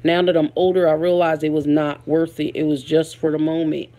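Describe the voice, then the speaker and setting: A woman's voice: deep voice, level tone, a little fast, mellow. A woman hosting a casual live stream, chatting with her viewers and reading their comments aloud, laughing often. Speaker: livestream host.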